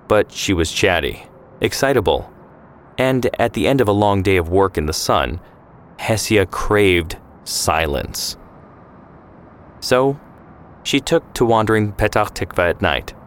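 A man giving measured, scripted narration of a historical story. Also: deep voice, slight background noise. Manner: measured, descriptive.

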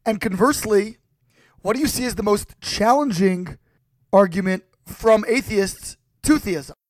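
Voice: medium pitch, a little slow, no echo. An interviewer posing careful, probing questions in a conversation.

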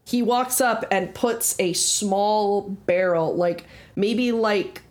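A woman voicing a polite young male tiefling barkeeper, speaking softly and courteously in a tabletop game. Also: mid-range voice, slow, lightly acted. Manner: courteous, soft-spoken service tone.

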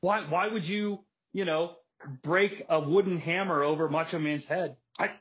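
A man hosting a casual podcast, telling a story with energy, putting on quick voices and laughing often. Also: a little high, breathy edge. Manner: animated storytelling, acts out wrestler quotes and laughs often. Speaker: podcast host. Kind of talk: casual chat. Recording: dull lo-fi podcast audio.

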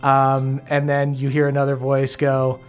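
A playful game master narrating a tabletop session, filling pauses with ums. Faint music plays underneath in a mid register voice. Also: mid-range voice, monotone, clear, resonant tone. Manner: lots of ums, playful, laughs easily.

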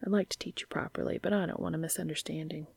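A gentle, teasing young man in a read-aloud story, speaking softly and close to a hush, as a woman puts him on. His voice sits low with a gravelly edge, and the sound is dry and close. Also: fairly even intonation, fast talker, no room sound, heavily acted. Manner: soft, hushed delivery.

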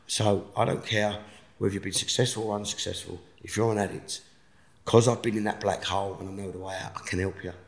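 Gravelly, earnest man, roomy sound. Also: lowish voice, fairly even intonation, brisk. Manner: earnest, forceful motivational talk. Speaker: guest. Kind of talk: casual interview chat. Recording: roomy echo.

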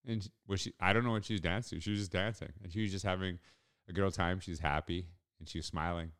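A man's voice: deep voice, fairly even intonation, quick pace, a bit bright, clean tone. A middle-aged man hosting a solo podcast, telling a personal story in a casual, rambling way with restarts. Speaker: podcast host.

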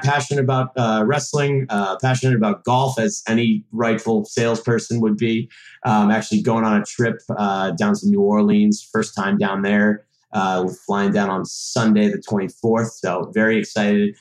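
Man, 30s, from Massachusetts, podcast guest, rambling casual talk, roomy echo. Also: lowish voice. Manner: chatty, rambling, with frequent fillers and restarts. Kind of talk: casual chat.

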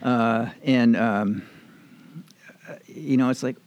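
An older man with a mid-range voice reminisces in an interview, speaking slowly in a steady, slightly mellow tone. He rambles and chuckles through old stories, full of fillers and restarts, and the audio is dull with no room sound.

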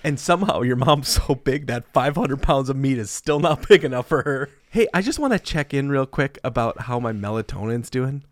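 A man's voice: medium pitch, normal speed, few pauses, dry recording, clean studio sound. A man co-hosting a casual comedy podcast, cracking jokes and puns with a playful delivery. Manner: joking, playful, animated delivery. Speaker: podcast co-host.

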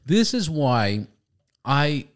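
A man hosting a podcast, chatting casually, swearing freely and telling animated stories. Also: a little high, drawn-out words, smooth. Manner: profane, storytelling, animated. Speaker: podcast host. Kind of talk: casual chat.

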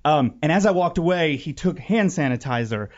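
A man's voice: on the high side, animated, moderate pace. Guy stammering thru a chatty story, kinda dull lo-fi sound. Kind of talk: casual podcast chat.

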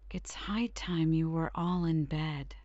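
A woman reading the lines of a timid mother canary in a bedtime storybook, trembling and hushed. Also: low voice, takes it slowly, no echo, dull audio.

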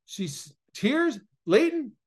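High-voiced man telling an earnest testimony. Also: sing-song, drawn-out words, husky. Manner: earnest, emotional storytelling that swells louder at its peaks. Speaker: preacher and author, interview guest. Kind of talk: personal testimony in an interview.

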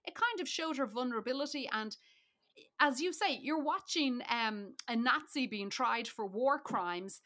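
A woman co-hosting a podcast, talking through a film in a quick, lively way. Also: on the high side. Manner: lively, quick, laughs often. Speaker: podcast co-host. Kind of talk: casual film review chat.

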